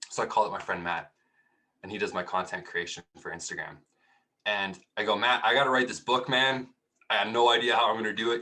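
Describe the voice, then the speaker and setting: A man's voice: fairly low pitch, sharp tone. A young man giving a casual, chatty talk, telling a personal story with many restarts. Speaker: speaker.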